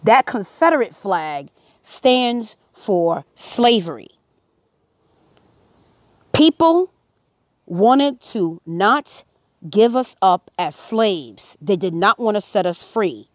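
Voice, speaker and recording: A woman of average pitch talks straight to her viewers in an earnest, preaching way. Her voice swells to emphatic peaks as she presses each point. The sound is dry and close, with no room echo. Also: big pitch swings, slow pace, pauses often. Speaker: vlogger. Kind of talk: impassioned personal commentary.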